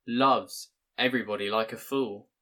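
Stern old village dad read by a man, low and blunt, always lecturing. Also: steady tone, sharp tone. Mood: gruff tender. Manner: blunt, scolding, quick to lecture. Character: gruff, stern older village father.

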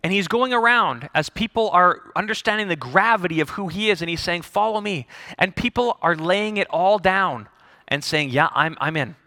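A male pastor preaching a sermon, telling the story in an animated way with jokes and acted-out voices. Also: high voice, moderate pace, no echo, studio quality.

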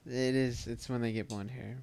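A man's voice: medium pitch, little pitch movement, normal speed, vocal fry, darkish tone, clean tone. A young man co-hosting a casual podcast, telling a rambling story with lots of fillers. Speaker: podcast co-host. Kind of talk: casual chat.

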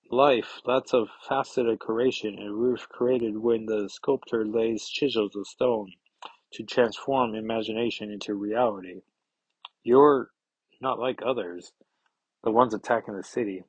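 A man's voice: on the low side, husky, no room sound, poor audio. A man voicing a chatty, charming male stone gargoyle who flirts with a hero. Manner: flirty, friendly.

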